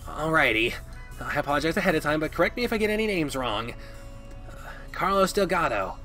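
A man's voice: fairly high pitch, sing-song, fairly quick, pushed and bright, faint music behind, pitched above the performer's own voice. A man voicing a nervous, upbeat young male furry mentor who keeps apologizing. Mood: eager. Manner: apologetic, flustered and eager.

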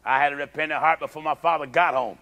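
A man preaching a sermon as pastor, animated and storytelling. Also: fast talker. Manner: animated preaching, acts out childhood prayers in high cries.

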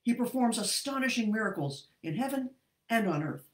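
A woman's voice: on the high side, lively intonation, normal speed, roomy sound, natural voice. A woman reading as a troubled ancient king. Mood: proclaiming. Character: anxious ancient king, later solemn and regal.

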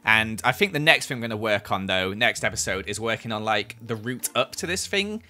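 A young man giving casual, excitable commentary over his gameplay in a voice-over. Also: lowish voice, brisk. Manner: chatty and excitable, exclaims a lot. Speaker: gaming YouTuber.

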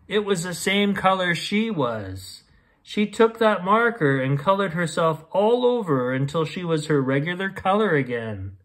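A man's voice: high voice, sing-song, measured pace, fairly bright tone. Man reading a bedtime story. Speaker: host reading bedtime stories.

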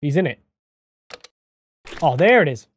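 A man hosting a gaming channel, giving excitable let's-play commentary into a desk microphone, yelping and shouting at surprises. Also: fairly high pitch, unhurried, a little hiss or hum.

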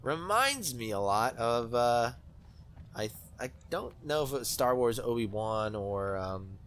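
A young man giving excitable, rambling commentary while playing a video game, with many fillers. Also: medium pitch, unhurried, a little hiss or hum. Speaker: let's play host. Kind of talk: gaming commentary.

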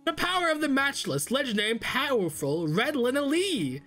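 A haughty scheming mother villain from a monster-catching game, speaking in a lower, darker register with grand, theatrical pomp, as a male gamer puts her on. A lively, animated delivery swings through each pompous line. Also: normal speed, soft background music, full character voice.

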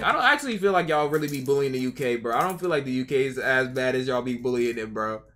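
Man, streamer, casual reaction commentary, bright forceful voice, slangy, rambling. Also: mid-range voice, fast, hardly any pauses, soft background music. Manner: slangy, rambling, repeats himself.

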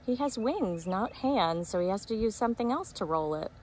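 A woman teacher reading a picture book aloud to preschoolers, gently explaining and asking them questions. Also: medium pitch, expressive, moderate pace, slight background noise. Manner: asks young listeners questions, explains gently.

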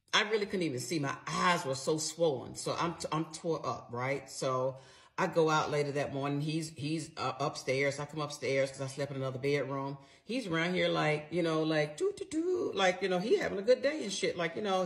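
A middle-aged woman vlogger telling a personal story in a casual storytime style, emotional and blunt, swearing freely and talking straight to her viewers. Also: deep voice.

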